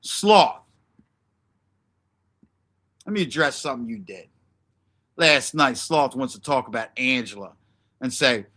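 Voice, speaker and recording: A man's voice: mid-range voice, lively intonation, measured pace, long pauses, pushed and bright. A man hosting a livestream, ranting in a brash, profane, confrontational way and answering chat by name. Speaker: livestream host.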